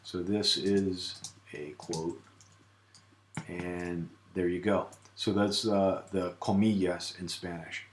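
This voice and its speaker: A man giving a relaxed screen-recorded software tutorial, with many filler sounds. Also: low voice, slow, reverberant, a little hiss or hum. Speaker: tutorial presenter.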